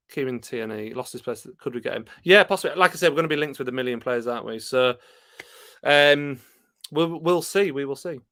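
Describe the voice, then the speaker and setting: Yorkshire guy chatting on his live stream, laid back, laughs a lot, mid pitched voice, dry close mic. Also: dry recording. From Yorkshire, England. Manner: chatty, relaxed, laughs often, frequent restarts. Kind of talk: casual live-stream chat reading comments.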